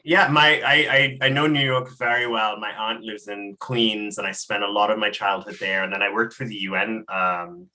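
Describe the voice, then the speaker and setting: A man hosting a casual interview, friendly and quick to laugh. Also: on the low side, fairly even intonation, bright, forceful tone. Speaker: host.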